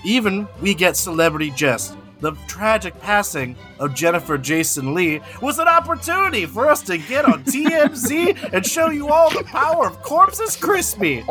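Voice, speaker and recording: Guy hamming up a fake ad pitch, high bright voice, bouncy, faint music behind. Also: very animated, moderate pace, few pauses. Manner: overblown pitchman delivery. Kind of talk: improvised mock commercial.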